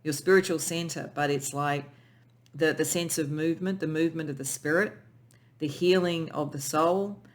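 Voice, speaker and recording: Emotional, soft-spoken tarot reader. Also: mid-range voice, fairly even intonation, moderate pace. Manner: emotional, soft and spiritual, with many restarts. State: tearful. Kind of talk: pick-a-pile tarot reading.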